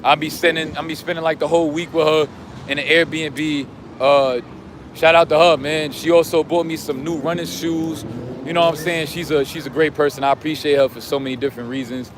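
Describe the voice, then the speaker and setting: A man vlogging outdoors who rambles in street slang and keeps saying "you know what I'm saying", while he is losing his voice and going hoarse. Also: fairly high pitch, level tone, a little fast, noisy background. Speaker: vlogger and self-styled life coach. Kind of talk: casual monologue to camera.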